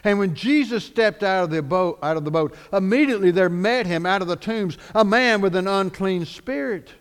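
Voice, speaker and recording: Brief: animated male pastor preaching, slightly high voice, echoey hall. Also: moderate pace, clear, resonant tone. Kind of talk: sermon.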